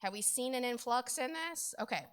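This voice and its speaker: Lively, bright-voiced woman presenter. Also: a little high, moderate pace, smooth. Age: middle-aged. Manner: animated storyteller, laughs often, says "okay?" a lot. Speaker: conference presenter on county finance. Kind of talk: conference training talk with anecdotes.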